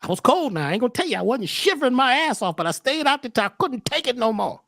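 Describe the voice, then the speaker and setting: A man as a podcast guest talking casually in an animated, preachy way, often repeating words as he starts a thought. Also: very high voice, fast talker, creaky, no room sound, clean studio sound.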